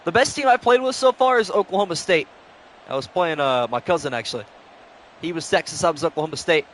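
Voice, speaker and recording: A tired young man with a fairly high, slightly bright voice talks quickly as he calls play-by-play on his live stream. He alternates announcer-style commentary with relaxed viewer chat, over a little hiss or hum.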